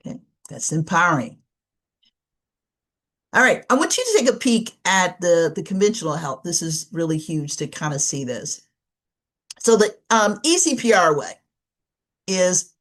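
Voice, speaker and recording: A woman trainer presenting an online webinar, animated, acting out example conversations and laughing often. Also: lowish voice, unhurried. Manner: lively, acts out dialogue examples, laughs often. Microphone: webinar computer mic.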